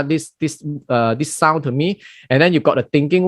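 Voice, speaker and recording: A middle-aged man teaches Buddhist theory in an animated, conversational way, acting out little scenes and peppering his talk with colloquial exclamations. His voice sits fairly high for a man. The recording is dry and close. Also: normal speed, no echo. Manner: frequent fillers and restarts. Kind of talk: dharma talk lecture.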